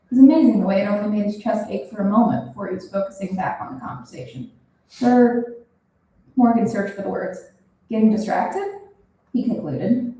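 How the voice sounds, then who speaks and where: A young woman reading her own fiction aloud at a reading event, expressive and animated. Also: mid-range voice, quick pace. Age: young adult. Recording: roomy, from a distance.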